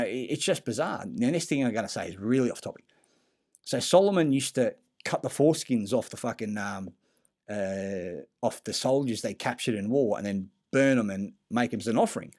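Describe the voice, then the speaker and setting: A man giving a rambling, profane monologue, halting often with fillers and restarts. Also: medium pitch, animated, darkish tone. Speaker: conspiracy talker.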